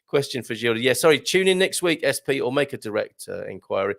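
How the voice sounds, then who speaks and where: Brisk and medium-pitched with some vocal fry, a middle-aged man hosts a casual livestream chat. He's chatty and animated, laughs often, and reads viewer comments aloud.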